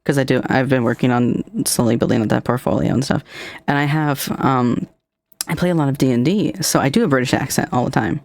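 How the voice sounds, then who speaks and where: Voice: mid-range voice, a little fast, gravelly, dry recording. A streamer hosting a casual chat, curious and full of questions, swearing casually. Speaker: streamer host.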